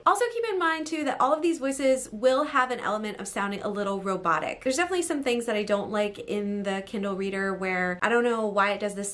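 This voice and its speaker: Woman, chatty novelist-host, casual upbeat tutorial delivery, mid-pitched. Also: a bit bright. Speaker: novelist showing a phone app. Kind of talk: casual how-to vlog.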